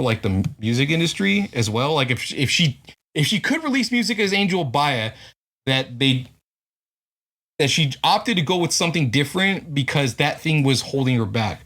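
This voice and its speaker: A man's voice: a little high, expressive, moderate pace, fairly bright tone. A man co-hosting a casual podcast, thinking aloud with frequent restarts. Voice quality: hesitant, many restarts and "like" fillers. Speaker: podcast co-host. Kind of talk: casual chat.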